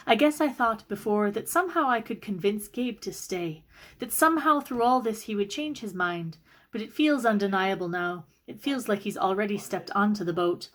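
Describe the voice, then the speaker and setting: A woman reading a first-person novel aloud for a library book club, narrating in a steady way. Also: medium pitch. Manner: steady first-person narration, rising sharply in quoted arguments.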